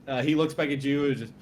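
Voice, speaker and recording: A young man narrating as game master for friends on a voice call, laughing often. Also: mid-range voice. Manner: laughing often, lively storytelling.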